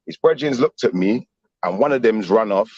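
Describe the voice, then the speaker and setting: A middle-aged man, telling a story in animated street slang on a casual stream panel. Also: fairly low pitch, normal speed, no echo, highs cut off. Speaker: panel guest.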